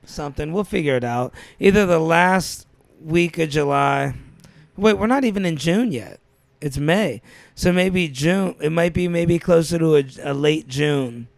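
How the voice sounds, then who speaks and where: A man with a gravelly, slightly higher voice, chatting on a podcast with swagger and bravado. The sound is dry and close, with no room around it. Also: a little slow, dry recording. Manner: brash, swaggering storyteller. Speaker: podcast co-host. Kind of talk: casual chat.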